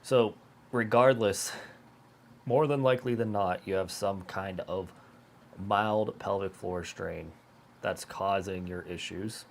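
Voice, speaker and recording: A low-pitched man with a stuffy, congested voice, co-hosting a casual podcast. He explains things plainly and practically. A faint hiss of noise sits under his voice. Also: takes it slowly, vocal fry. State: congested, sick. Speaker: podcast co-host.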